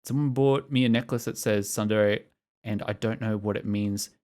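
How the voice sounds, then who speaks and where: A man's voice: on the low side, fairly even intonation, moderate pace, darkish tone. A young man casually commenting while streaming a visual novel, chatty and joking. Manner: jokey, chatty, laughing often. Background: music.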